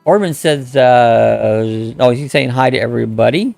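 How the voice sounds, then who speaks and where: A man's voice: mid-range voice, a little slow, creaky, a little mellow, no echo, faint music behind. A middle-aged man hosting a casual live chat, rambling in a folksy way and greeting viewers by name as he reads their comments. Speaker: host of a live chat stream.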